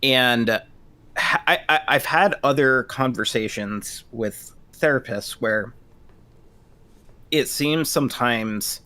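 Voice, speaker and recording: A man's voice: mid-range voice, slow pace, sharp tone. A man in his thirties, a therapist, talking casually and hesitantly with many restarts. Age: 30s. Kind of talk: casual discussion.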